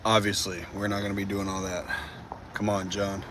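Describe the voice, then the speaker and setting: A man's voice: lowish voice, little pitch movement, fairly quick, fairly bright tone, a little hiss or hum. A man in his twenties chatting casually with his live-stream viewers from a city street at night, teasing and joking with lots of slang. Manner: playful, teasing, slangy with lots of dude and bro. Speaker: livestreamer.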